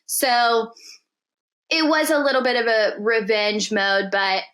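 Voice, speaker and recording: Woman, podcast guest, bright tense voice, casual storytelling, profane, animated quoting. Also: on the high side, takes it slowly. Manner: animated, profane, acts out quotes in dialogue.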